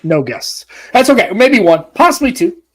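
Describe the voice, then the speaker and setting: An American man with a slightly high voice co-hosts a tech podcast. He talks in a loose, jokey way and swears freely. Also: very animated, normal speed, fairly bright tone. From United States. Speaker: podcast co-host. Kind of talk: casual podcast chat.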